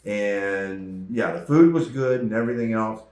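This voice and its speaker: A man hosting a travel vlog, chatting casually about restaurants in a relaxed, rambling way. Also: on the low side, moderate pace, roomy sound. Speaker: host. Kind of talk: casual chat reviewing restaurants.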